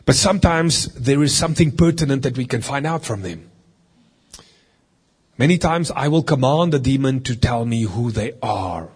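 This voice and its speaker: A man's voice: medium pitch, lively intonation, moderate pace, husky. A middle-aged man, a deliverance minister, giving a teaching sermon in an earnest, conversational way and reading from scripture as he goes.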